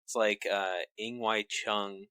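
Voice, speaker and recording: A man co-hosting a podcast, telling news in a halting, teasing way with many pauses. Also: on the low side, flat delivery, bright, forceful tone, clear, resonant tone, dry recording. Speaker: podcast co-host. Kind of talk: casual chat.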